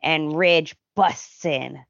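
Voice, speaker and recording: A woman co-hosting a podcast speaks low and creaky, drawing out her words in a casual chat. She recaps animatedly, acting out characters' lines, and the recording is dry and dull with no echo.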